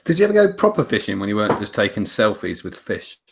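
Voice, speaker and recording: Lively British man telling stories. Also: fairly low pitch, fast, creaky. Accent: British English. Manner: animated storyteller, mimics voices in anecdotes. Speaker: podcast co-host. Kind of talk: casual chat.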